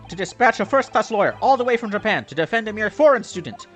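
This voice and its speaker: A man voicing an eccentric, excitable young male prisoner who bursts into grand, alliterative declarations. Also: high-pitched, fast, faint music behind, pitched above the performer's own voice. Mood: exultant. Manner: theatrical, alliterative outbursts.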